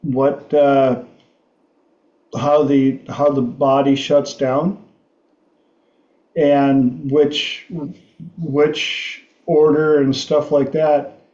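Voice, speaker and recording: A middle-aged man hosting a livestream talk show, telling stories slowly with frequent restarts. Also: fairly high pitch, little pitch movement, darkish tone, reverberant, highs cut off. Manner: slow, halting storytelling with restarts. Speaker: podcast host.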